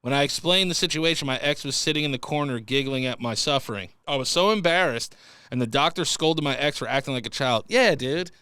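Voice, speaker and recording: A man's voice: medium pitch, lively intonation, a little fast, sharp tone, clear, resonant tone, no room sound. A young man hosting a comedy podcast, reading listener stories and riffing crudely, often slipping into silly voices. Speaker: podcast host.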